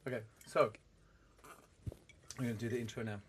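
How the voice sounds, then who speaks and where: A young man hosting a casual chat, asking joking questions with a dry, deadpan delivery. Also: mid-range voice, fairly quick, slight background noise. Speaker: host.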